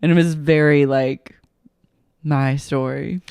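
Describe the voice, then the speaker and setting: A woman's voice: low voice, fairly even intonation, takes it slowly, a little mellow, smooth, no echo. Female podcast co-host, dry close sound. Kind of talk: casual chat recap.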